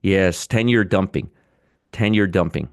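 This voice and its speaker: A man with a low-pitched voice, speaking a little slowly, hosts a live trading show. He offers blunt, sarcastic market commentary, banters with chat viewers, and swears freely.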